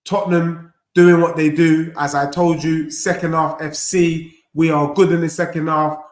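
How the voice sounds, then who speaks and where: A young man hosts a live football watchalong, reacting to every moment with slangy banter. His voice sits a touch high, and the recording has a roomy echo. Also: little pitch movement, normal speed. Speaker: fan channel host.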